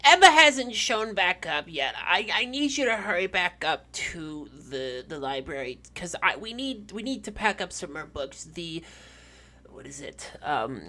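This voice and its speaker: A woman's voice: on the low side, sing-song, measured pace, bright, forceful tone, voice pushed up, heavily acted. A woman voicing a forgetful old female librarian who stammers and repeats her words. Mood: flustered.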